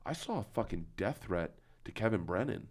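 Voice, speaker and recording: A man's voice: on the low side, sing-song, fairly quick, darkish tone. A man chatting casually as a comedian guest, telling rambling stories with lots of restarts and quoted asides. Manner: rambling storyteller, frequent restarts and acted-out quotes. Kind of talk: casual chat.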